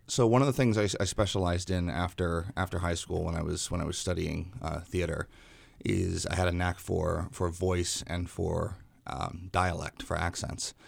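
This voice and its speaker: A man's voice: sits low, steady tone, normal speed, vocal fry, dry recording. A young man, a stage actor guest, talking casually in a radio interview, hesitant with many fillers and restarts.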